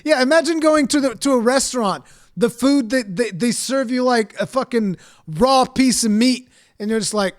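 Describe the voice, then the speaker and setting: A man's voice: extremely high pitch, normal speed. A man streaming a reaction to a video, ranting in casual, profane commentary with frequent stumbles and restarts.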